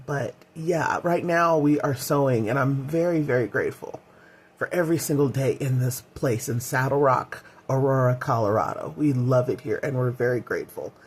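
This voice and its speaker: Woman, middle-aged, husky breathy voice, casual vlog, heartfelt, rambling. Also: very deep voice, moderate pace. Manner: candid, heartfelt, rambling with fillers. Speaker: vlogger.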